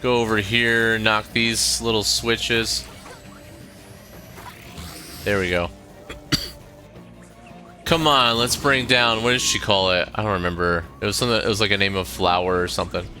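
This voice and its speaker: A man giving casual, relaxed commentary while he plays a video game. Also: lowish voice, soft background music. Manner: slow, relaxed, chatty. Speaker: gameplay host.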